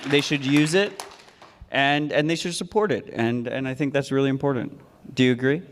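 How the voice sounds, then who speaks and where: A man's voice: medium pitch, normal speed. A man on stage making a mock-upset, rambling speech to the crowd, stammering as he goes. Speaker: award recipient.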